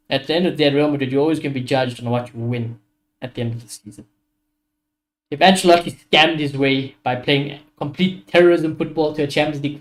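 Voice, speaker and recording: A young man, ranting animatedly and swearing as he hosts a casual football watchalong stream. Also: fairly high pitch. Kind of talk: casual live-stream chat.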